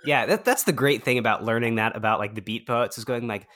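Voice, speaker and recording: A man co-hosting a podcast in casual comedic chat, sarcastic and quick to slip into mock voices. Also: medium pitch, a bit bright. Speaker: podcast co-host.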